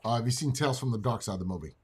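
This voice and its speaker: A man's voice: mid-range voice, very fast, a little mellow, husky. A man co-hosting a casual talk show, blunt in his opinions, who repeats words and stammers as he tells a long story.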